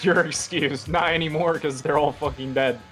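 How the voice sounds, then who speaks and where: A young man playing along with friends, joking, and shouting whenever something surprises him. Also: on the high side, fairly even intonation, moderate pace, soft background music. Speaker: co-player. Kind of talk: casual gaming banter.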